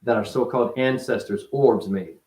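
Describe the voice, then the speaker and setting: A man's voice: normal speed, darkish tone. Rambling, profane man in an echoey room. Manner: profane, rambling, jumps in pitch. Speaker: spiritual teacher. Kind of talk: rambling spiritual monologue.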